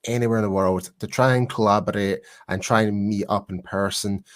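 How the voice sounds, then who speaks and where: A man's voice: lowish voice, fairly even intonation, brisk. A man with a Glaswegian accent, a podcast guest chatting casually with many fillers and restarts. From Scotland. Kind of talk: casual chat.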